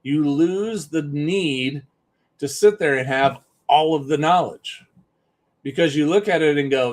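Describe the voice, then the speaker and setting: A man's voice: a little high, unhurried. A man giving an emphatic, conversational live-stream talk as a business coach, often repeating points for stress.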